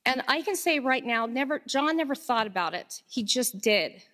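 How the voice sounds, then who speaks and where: A woman with a fairly high voice gives a loose, conversational tribute at a memorial. Her voice rings out with a long hall reverb. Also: expressive, moderate pace, a bit bright. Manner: conversational, with fillers. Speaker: memorial speaker. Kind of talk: tribute speech.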